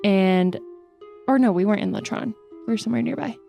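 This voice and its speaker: A woman's voice: medium pitch, brisk, vocal fry, lo-fi sound, soft background music. Playful laughing female player. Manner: playful, laughing, vivid scene narration. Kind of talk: tabletop game player banter.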